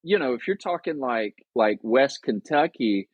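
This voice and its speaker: A man's voice: medium pitch, lively intonation, unhurried, no echo, dull audio. A man from the American South, a guest on a history podcast, talking in an easygoing, agreeable way. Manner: easygoing, agreeable, laughs along. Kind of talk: casual podcast chat.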